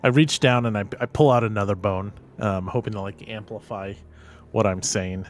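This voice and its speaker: A man's voice: lowish voice, fairly even intonation, moderate pace, soft background music. A man playing a tabletop game, talking casually and correcting himself. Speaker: player.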